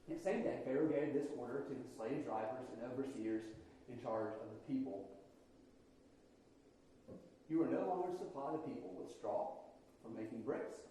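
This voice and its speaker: A man's voice: medium pitch, normal speed, pauses often, mellow, a little hiss or hum. A man preaching a sermon in a church, conversational and playful, with frequent asides to the congregation. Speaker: pastor. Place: church sanctuary. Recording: very echoey church hall.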